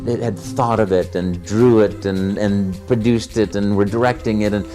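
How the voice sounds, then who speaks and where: A lower-pitched man from the United States tells anecdotes in an interview, lively and expressive, slipping into acted-out quotes. He often trips and repeats words as he talks. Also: moderate pace, faint music behind. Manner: animated, acts out quotes, stumbles and repeats words. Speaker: voice actor, interview guest.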